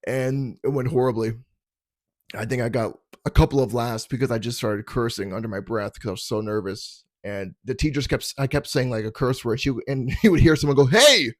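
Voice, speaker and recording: A man's voice: medium pitch, steady tone, a little fast, darkish tone, dry recording, studio quality. A young adult man from Canada hosting a comedy podcast from his parents' basement, telling stories in a rambling, self-deprecating way and stumbling over his words. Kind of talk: casual comedic storytelling.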